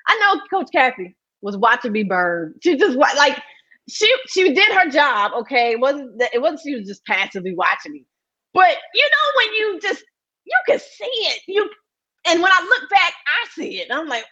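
A woman telling a candid personal story as a podcast guest, animated and often laughing. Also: moderate pace, lo-fi sound. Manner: animated and laughing, voice jumps high.

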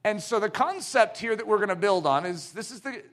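Lively high-voiced male preacher. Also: a little fast. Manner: animated, emphatic preaching with rhetorical questions. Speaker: pastor. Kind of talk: sermon.

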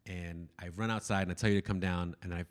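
A young man with a low voice tells a story on a casual chat show. He acts out everyone's lines, jumping up in pitch for their voices, and laughs along as he goes. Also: fast talker. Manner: animated, acts out quoted voices, laughs often. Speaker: podcast co-host.

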